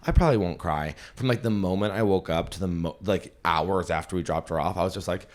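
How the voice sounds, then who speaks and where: A man's voice: low-pitched, a little fast. A young adult man hosting a podcast, telling a story in a candid, rambling and emotional way. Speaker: podcast host and comedian. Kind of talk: casual storytelling chat.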